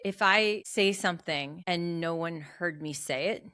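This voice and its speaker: Woman, podcast co-host, bright tone, lively, self-deprecating, dry sound. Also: lowish voice, unhurried, smooth, dry recording. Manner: self-deprecating, laughs a lot, swears. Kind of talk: casual chat.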